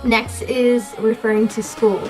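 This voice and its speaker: A woman's voice: a little high, level tone, unhurried, darkish tone. Young woman, chatty, filler-heavy, casual vlog, faint music behind. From United States. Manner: chatty, lots of likes and fillers. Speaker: vlogger.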